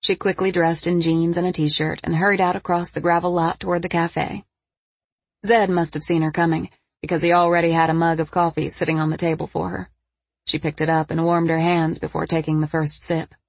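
A woman narrating an audiobook with even, measured storytelling. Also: lowish voice, no echo.

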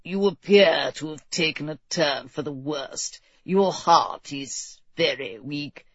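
A grave, cautious old court physician , as a woman reads him aloud, speaking low and unhurried in a storybook. He chooses his words delicately. The recording is dry and a little muffled. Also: slightly rough, no echo, exaggerated voice. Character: cautious older male court doctor.

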